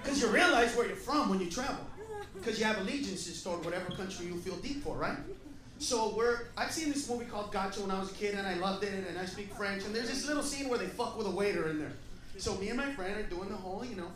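A man doing a stand-up comedy set, telling stories in a brash, profane way. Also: high voice. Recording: echoey live room from far off, loud noise.

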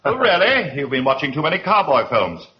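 An actor playing a stern, sarcastic army major who barks orders, in a muffled old broadcast with hiss. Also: male voice, a little high, big pitch swings, fairly quick. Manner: barking, sarcastic, commanding.

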